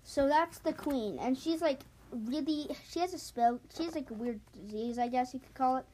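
A woman casually retelling a book plot in a rambling, hurried way with many fillers. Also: sits high, dark tone, slight background noise.

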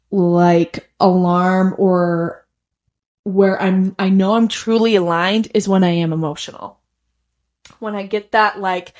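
A woman's voice: medium pitch, darkish tone. A woman telling a personal story in a casual, chatty way, filling her sentences with "like" and laughing often. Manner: chatty, heavy use of "like". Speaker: podcast host.

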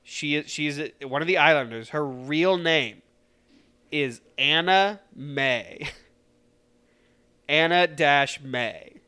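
A man's voice: on the high side, takes it slowly, long pauses, bright, forceful tone, smooth. A man co-hosting a casual podcast, dry and teasing, often answering with short uh-huhs. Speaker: podcast co-host. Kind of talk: casual chat. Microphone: podcast mic.

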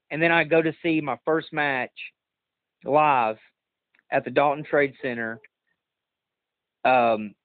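A man's voice: mid-range voice, no echo. A man hosting a podcast, telling stories in a casual chat and laughing often. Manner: laughing, animated storytelling. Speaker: podcast host. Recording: tinny phone-like sound.

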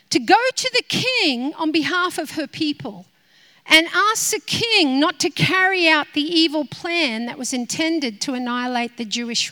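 Woman pastor, sermon, very high voice, bright tone, animated delivery. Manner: animated, acts out her prayers to God.

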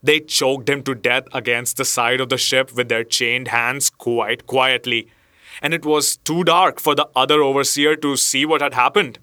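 A man reading a story aloud as narrator, in a measured storytelling manner. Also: medium pitch, fairly even intonation, bright, forceful tone, dry recording, studio quality. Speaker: audiobook narrator. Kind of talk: scripted narration.

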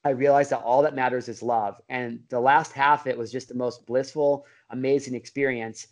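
A man's voice: medium pitch, steady tone, normal speed. A middle-aged man, a podcast guest, telling a story in a casual way, full of bro slang, fillers and restarts. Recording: dull lo-fi audio.

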